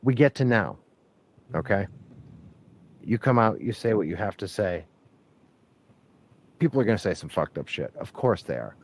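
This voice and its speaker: A man hosting a podcast conversation, deliberately building his argument step by step with casual swearing. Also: fairly low pitch, sing-song, slight background noise.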